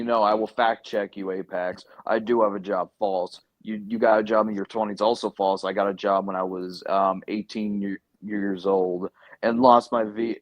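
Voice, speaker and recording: Young male guest, fast comebacks, a bit low-pitched. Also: no echo, lo-fi sound. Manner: defensive trash talk, rapid comebacks. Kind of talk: casual gaming stream chat.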